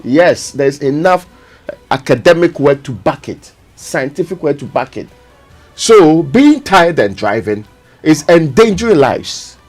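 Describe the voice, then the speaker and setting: Animated radio host man. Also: a little high, faint music behind. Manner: earnest, urging listeners, drawn-out emphasis. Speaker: radio morning show host. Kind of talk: casual studio chat, road safety message. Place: radio studio.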